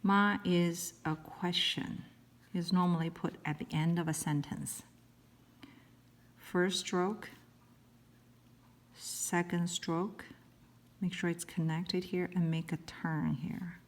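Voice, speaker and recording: A woman teaches handwriting, talking slowly and carefully as she writes each stroke. Her voice sits a little low and stays calm and even. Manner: calm, slow, careful explanation while writing. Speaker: Chinese writing teacher. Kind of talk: step-by-step handwriting lesson.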